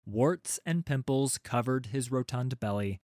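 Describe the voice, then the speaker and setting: A man's voice: medium pitch, animated, unhurried, darkish tone, no echo, studio quality. Wry man reading a children's story. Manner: wry, playful asides to listeners.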